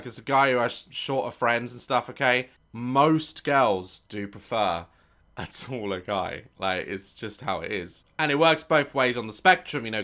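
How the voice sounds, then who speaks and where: A man reacting to a video in loose, casual commentary, his pitch leaping around as he swears and plays up mock outrage. His tone is bright and sharp.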